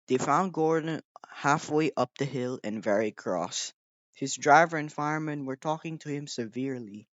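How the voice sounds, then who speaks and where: Slow, gentle storybook narrator man. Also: fairly high pitch, no echo, muffled recording. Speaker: audiobook reader.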